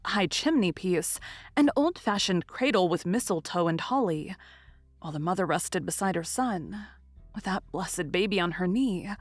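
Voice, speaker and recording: A woman narrating a classic novel in a measured, expressive storytelling manner. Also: medium pitch, dry recording. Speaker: audiobook narrator. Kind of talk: scripted narration.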